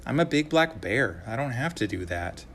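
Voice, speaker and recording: A man's voice: mid-range voice, very animated, normal speed, fairly bright tone, a little hiss or hum. A man voicing a rude, greedy young bear in a read-aloud storybook, speaking in a whiny, boastful way.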